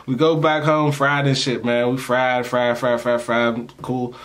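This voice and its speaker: This storytime vlogger speaks at an unhurried pace in a medium-pitched voice, recounting a story casually to camera. His telling is slangy and rambling, punctuated by laughs, and he animatedly performs the voices of the people he quotes.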